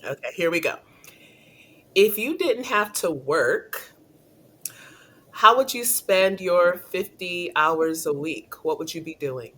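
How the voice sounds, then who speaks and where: A woman's voice: fairly low pitch, animated, slow pace, pauses often, a bit bright, husky. A woman career coach hosting a casual interview, upbeat and chatty, laughing often.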